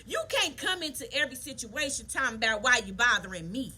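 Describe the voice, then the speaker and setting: A woman, telling a story casually to viewers while doing her nails, animated and preachy. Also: on the high side, a little fast, husky. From Southern United States. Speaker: nail artist vlogger.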